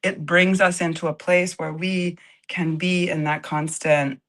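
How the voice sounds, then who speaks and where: A woman's voice: lowish voice, measured pace. A woman co-hosting a live stream over a video call, talking animatedly about cacao ceremonies and laughing often. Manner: animated, drops into Brazilian Portuguese phrases, laughs often. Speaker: retreat co-host and cacao facilitator. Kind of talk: casual live-stream chat.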